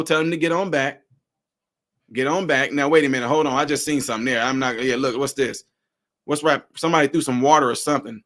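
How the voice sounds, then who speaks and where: A man's voice: on the high side, fairly bright tone. A man giving casual, sarcastic reaction commentary, repeating himself and exclaiming. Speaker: political commentary host.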